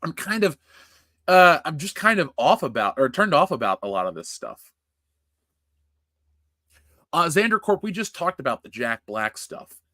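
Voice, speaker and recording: A man's voice: a little high, sing-song, moderate pace, long pauses, sharp tone, dry recording, clean studio sound. A man hosting a casual livestream, reading chat and ranting bluntly with profanity. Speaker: livestream host.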